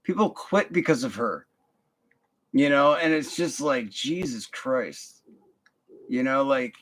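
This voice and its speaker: A man's voice: mid-range voice, lively intonation, takes it slowly, a bit bright. A young man telling a work story in a casual, profane, rambling rant full of fillers and restarts. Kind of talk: casual ranting monologue.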